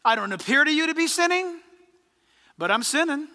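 A man preaching a sermon in a church, lively and full of rhetorical questions put to the congregation. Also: extremely high pitch, moderate pace, long reverb tail. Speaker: pastor. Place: church sanctuary.

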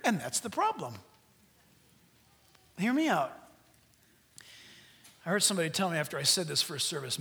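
A middle-aged man preaching a sermon as pastor, animated, swinging from loud peaks to hushed asides. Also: high-pitched, normal speed, pauses often.

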